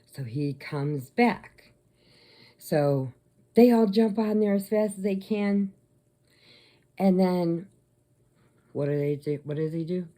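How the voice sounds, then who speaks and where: A woman casually retelling a movie plot, chatty, slipping into quick voices for the characters. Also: fairly low pitch, warm tone. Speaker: crochet vlogger.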